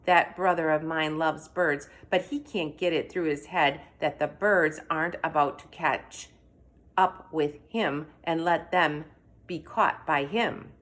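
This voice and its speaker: A woman reading a children's story aloud in an expressive, animated way. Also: deep voice, measured pace. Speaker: reader.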